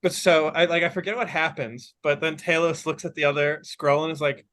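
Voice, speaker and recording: A man's voice: on the high side, fairly even intonation, fairly quick, fairly bright tone. A man with a somewhat raised voice, talking eagerly about a movie in a casual podcast. He swears casually and loses names as he goes. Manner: enthusiastic, swears casually, trails off searching for names.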